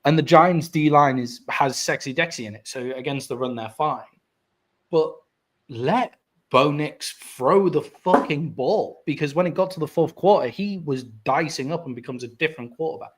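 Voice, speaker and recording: A man's voice: on the high side, normal speed. Chatty British man ranting about sports. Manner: animated, ranting, frequent "like" fillers. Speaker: podcast co-host. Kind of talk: casual sports chat.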